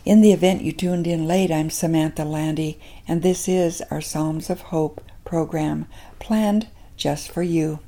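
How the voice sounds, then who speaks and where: An older woman, a grandmother, hosting a devotional radio program and telling a personal story in a gentle, unhurried way. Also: low voice, fairly even intonation.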